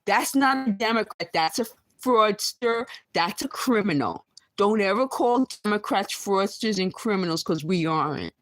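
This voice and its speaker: A hoarse woman talking to her camera from her bedroom after just waking up, rambling and agitated with many restarts. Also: mid-range voice, expressive, moderate pace, a bit bright, no echo, rough recording. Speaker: vlogger. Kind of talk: rambling late-night vlog monologue. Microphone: recording herself on camera.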